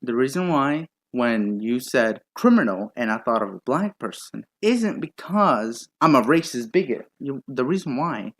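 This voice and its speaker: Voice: mid-range voice, expressive, unhurried, few pauses. A young adult commentator talking back to video clips in a mocking, sarcastic way, often swearing and interrupting. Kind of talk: reaction commentary.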